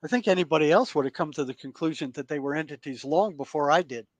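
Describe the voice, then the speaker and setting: A man speaking as a podcast guest. He recounts past events in an earnest, halting way and often repeats words as he goes. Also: fairly high pitch, dry recording. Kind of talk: storytelling in conversation.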